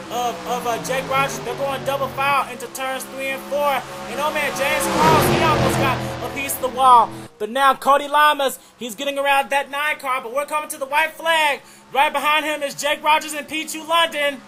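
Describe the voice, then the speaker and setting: A young man doing excited play-by-play commentary on a race, repeating "oh man" and running out of breath. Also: extremely high pitch, moderate pace, hardly any pauses, music in the background. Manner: excitable, keeps saying "oh man".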